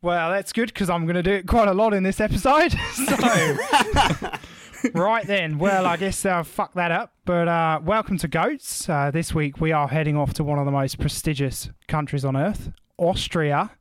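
A man's voice: high voice, normal speed, fairly bright tone, no room sound. A man hosting a podcast in a joking, rambling way. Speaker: podcast host. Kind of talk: casual podcast chat.

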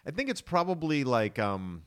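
This young American man, originally from Boston, has a mid-range voice with a clean tone and normal speed. He's chatting on a casual podcast, full of animated, joking stories.

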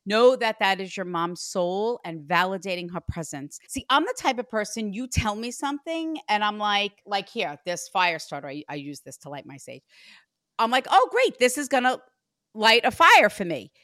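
A woman psychic medium giving a reading, animated and chatty, acting out what the spirit says. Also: medium pitch, moderate pace, dry recording, clean studio sound. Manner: animated, acts out the spirit's voice in quotes.

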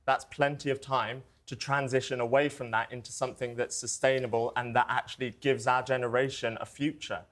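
A man's voice: mid-range voice, level tone, a little fast, few pauses, a bit bright. A young man, a protester guest, arguing his case earnestly in a heated debate. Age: young adult. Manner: earnest, insistent.

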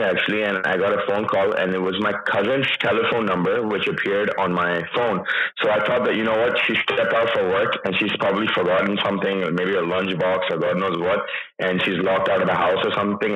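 Man in his thirties, lower voice, halting emotional account, recorded in a roomy space with lo-fi sound. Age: 30s. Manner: emotional, hesitant storytelling with many restarts. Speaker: interview guest. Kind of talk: personal account in an interview.

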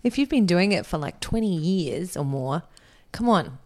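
Brief: woman co-host, lively rising-falling voice, slightly low, teasing. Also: moderate pace. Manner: teasing, laughs often. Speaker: podcast co-host. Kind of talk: casual chat.

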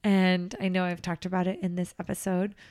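A woman who works as a nanny, co-hosting a podcast in casual chat, earnest and animated. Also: on the low side, a little fast. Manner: warm, earnest, animated storytelling with laughs.

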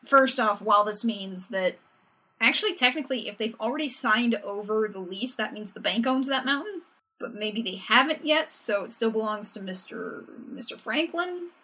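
A young woman co-hosts a casual podcast recap, telling it with wry, animated energy. Her voice sits slightly higher than most women's. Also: moderate pace. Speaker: podcast co-host.

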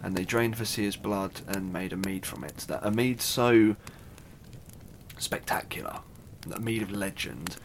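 A man's voice: fairly low pitch, measured pace, noisy background. A man casually retelling a myth, chatty and irreverent, with asides and the odd swear. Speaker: storyteller.

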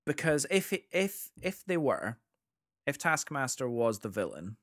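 A man's voice: medium pitch, measured pace, dry recording, clean studio sound. A man chatting casually about a film, telling stories with lots of restarts. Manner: animated storyteller, many restarts.

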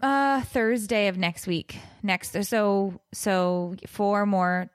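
A woman co-hosting a podcast in casual chat, joking and exasperated as she tells stories with plenty of life. Her voice sits at a middle pitch. The recording is close and dry, with no room sound. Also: drawn-out words, clean tone, no echo. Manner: joking, exasperated, animated storytelling. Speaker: podcast co-host.

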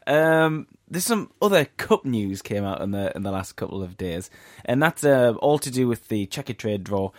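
A man hosting a casual football podcast in a studio, relaxed and hesitant. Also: medium pitch, normal speed, few pauses, no echo. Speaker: podcast host.

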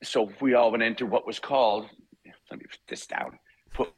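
An older man, a guest voice actor telling lively stories in casual chat and acting out the quotes. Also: on the low side, normal speed, gravelly, slightly rough, no echo, poor audio. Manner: lively, laughing, acts out quotes. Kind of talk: casual anecdotal storytelling.

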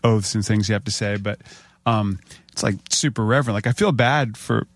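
A man's voice: on the low side, normal speed. A man hosting a podcast in casual chat, talking loosely with curses and personal asides.

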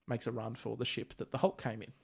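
A man talking through a movie plot on a podcast. His pitch sits in the middle of the range. He keeps it loose and conversational. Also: fast, creaky, slightly rough. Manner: recaps plot in a relaxed, chatty way with Australian slang. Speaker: podcast host. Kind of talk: casual movie recap chat.

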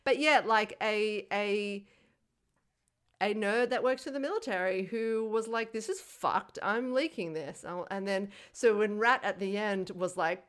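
A woman co-hosting a casual film review podcast, laughing, swearing freely and talking with animated energy. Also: medium pitch, a little slow, clean tone. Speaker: podcast co-host.

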